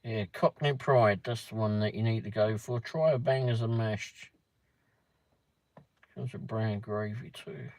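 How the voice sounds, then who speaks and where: Slow, low-voiced man muttering. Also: steady tone, darkish tone, dry recording. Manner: muttering asides with casual swearing. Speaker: livestream host. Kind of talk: casual livestream chat, reading a menu aloud.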